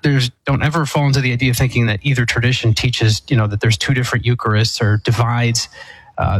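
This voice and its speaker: A man, an Eastern Catholic priest, explaining theology on a call-in show in a measured, thoughtful way with fillers and restarts. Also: mid-range voice, breathy edge, no echo, low-quality recording.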